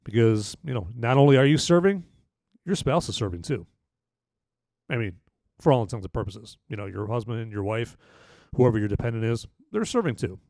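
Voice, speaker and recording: A man's voice: medium pitch, a little fast, long pauses, darkish tone, no echo, studio quality. Rambling man casually reviewing a film. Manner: rambling, full of "you know" and restarts. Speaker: podcast host and movie reviewer.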